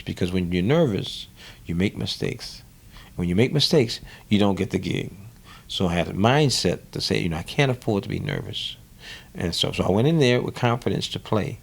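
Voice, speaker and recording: A man with a New Orleans accent speaks in a very deep, gravelly voice. He tells his story with energy, often repeating words, and briefly slips into the voices of the people he quotes. This is a relaxed interview-style conversation. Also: normal speed. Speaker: guest musician.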